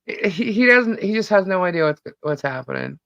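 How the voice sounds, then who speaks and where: Woman podcast host, hoarse, gravelly, slow, chatty, dull lo-fi audio. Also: lowish voice, lively intonation, fairly bright tone, no echo. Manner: chatty, laughs often, reads out viewer names. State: voice a little hoarse. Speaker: podcast host greeting live chat. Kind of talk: casual live-stream chat.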